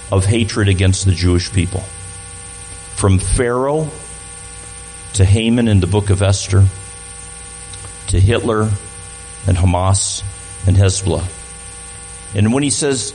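A man's voice: lowish voice, animated, measured pace, a little mellow, soft background music, low-quality recording. A man speaking as a guest at a church, talking to the congregation in a conversational way and often restarting his sentences. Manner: conversational, repeats words while restarting.

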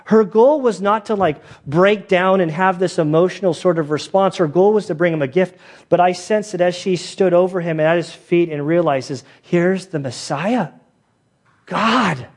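A man's voice: sits high, normal speed. A man preaching a conversational sermon. He is a pastor and police chaplain who tells stories in a loose, chatty way, full of fillers, and acts out the voices of the people in them. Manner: animated storytelling, acts out quoted voices.

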